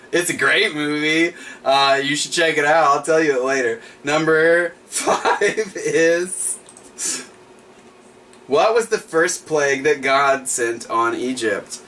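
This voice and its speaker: Chatty trivia host reading questions. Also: male voice, on the high side, bright, forceful tone, far from the mic. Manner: chatty, laughs between questions, repeats each question. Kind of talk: livestream trivia hosting.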